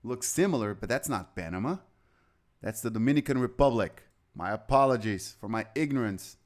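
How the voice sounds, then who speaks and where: A male chess commentator calls moves on a live broadcast. His voice sits at a middle pitch, and he drifts into chatty anecdotes between the moves. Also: expressive, normal speed.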